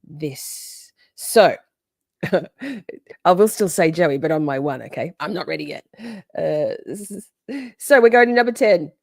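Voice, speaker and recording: A woman hosting a live stream, chatty and excitable, often exclaiming as she reacts. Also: low voice, takes it slowly, creaky, dry recording, clean studio sound. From Australia. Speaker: livestream host. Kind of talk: casual live-stream chat.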